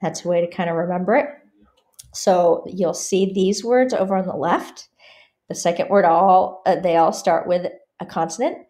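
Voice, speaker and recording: A woman teaching a pronunciation lesson, saying example words slowly and clearly and then explaining them in a calm, careful way. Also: fairly low pitch. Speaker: French teacher.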